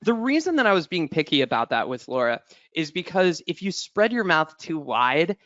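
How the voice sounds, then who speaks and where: A man's voice: on the high side, very animated, normal speed, a bit bright, dry recording, lo-fi sound. A man coaching a singer in a webinar, encouraging and demonstrating notes as he talks. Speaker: vocal coach.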